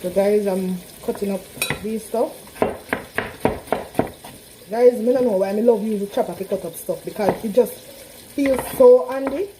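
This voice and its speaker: A woman's voice: mid-range voice, a little slow, long pauses, background noise. A woman with a Trinidadian accent cooking in her home kitchen, chatting straight to her viewers in a casual vlog. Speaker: home cook vlogger. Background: frying and sizzling in a pan.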